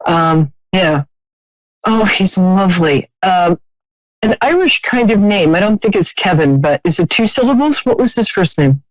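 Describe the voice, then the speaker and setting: A woman's voice: fairly low pitch, lively intonation, measured pace, no room sound, rough recording. Chatty woman hosting a psychic call-in show. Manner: chatty, warm-hearted, laughs often, trailing restarts. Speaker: psychic radio host. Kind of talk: live call-in psychic reading.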